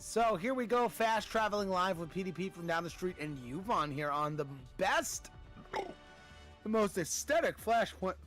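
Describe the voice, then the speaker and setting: High-voiced man calling esports plays. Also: a bit bright. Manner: hype-driven, quick calls of plays and player picks. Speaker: esports caster. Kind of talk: play-by-play esports commentary.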